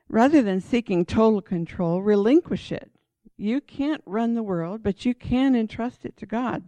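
A woman's voice: mid-range voice, vocal fry, warm tone, no echo. A woman teaching from the Bible in a sermon style, reading passages aloud and urging listeners on with earnest emphasis. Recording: dull lo-fi dry recording.

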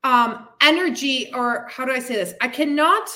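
A woman's voice: high voice, moderate pace, bright, forceful tone. A woman fitness coach hosting her podcast, giving a blunt, frustrated, swearing tough-love pep talk. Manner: frustrated, venting. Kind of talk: candid motivational monologue.

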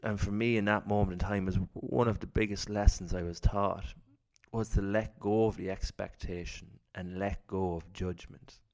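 A man speaks in a very low voice with a gravelly edge, telling a personal story about fear and self-belief. His delivery is earnest and reflective, slipping into the voice of his own doubting inner thoughts. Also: fairly even intonation, moderate pace, hardly any pauses, darkish tone.

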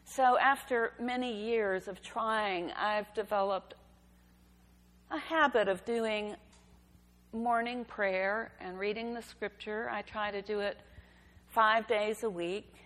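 A woman giving a sermon, telling a story in a gentle, unhurried way. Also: medium pitch. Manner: slow, gentle storytelling delivery. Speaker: preacher. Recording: reverberant hall.

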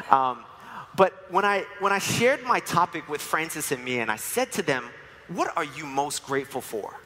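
A man in his forties from New York preaches to a congregation, weaving personal stories with playful humor. His voice sits a bit high and rings bright and forceful. The sound trails off in the long reverb of a church hall. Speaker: church speaker. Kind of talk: sermon with personal testimony. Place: church sanctuary.

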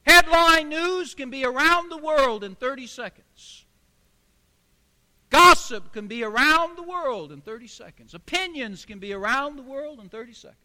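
A man in his sixties preaching with emphatic, repeated phrases and storytelling. His voice sits very high for a man. It sounds bright and forceful. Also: lively intonation, normal speed. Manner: emphatic, repetitive rhetorical delivery. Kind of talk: sermon with storytelling.

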